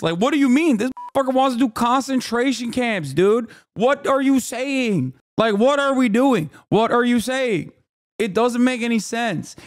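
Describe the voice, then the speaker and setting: A man in his thirties streams his reaction to a clip, talking in an emphatic, incredulous way with plenty of swearing. His voice sits fairly high for a man.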